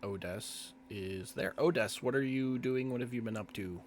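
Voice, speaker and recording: A man narrating a tabletop role-playing game as game master, calm and matter-of-fact. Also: mid-range voice, normal speed.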